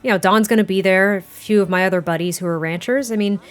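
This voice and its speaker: A woman's voice: medium pitch, quick pace, faint music behind, lightly acted. Woman playing a friendly rancher man, hesitant, polite, game retelling. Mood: earnest. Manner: hesitant, polite, many small restarts. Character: friendly male rancher neighbor, earnest.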